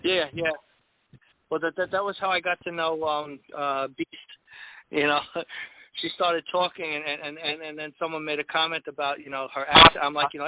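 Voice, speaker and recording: A man hosts a live poetry call-in show, talking casually and stumbling over his words with plenty of repeats and fillers. His voice sits a little high. It comes through a thin, phone-like line. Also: flat delivery, normal speed, noisy background. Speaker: host. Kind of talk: casual chat.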